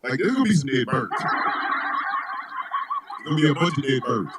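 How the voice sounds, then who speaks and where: A man hosting a live talk show, ranting comedically in a profane, animated way, often shouting. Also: medium pitch, fairly quick, very noisy. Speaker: host.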